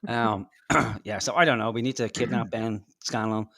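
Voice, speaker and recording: A low-pitched Irish man, heated and foul-mouthed as he rants about politics on his podcast. His delivery is sarcastic and mocking, and the recording is dry and close, with almost no room sound. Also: fairly even intonation, moderate pace, creaky, fairly bright tone, no echo. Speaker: podcast co-host. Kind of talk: casual political rant.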